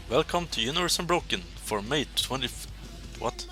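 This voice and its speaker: A young man giving casual, excitable commentary over a wrestling video game as he plays, swearing and laughing at his own slips. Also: on the high side, normal speed, soft background music. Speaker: gameplay commentator.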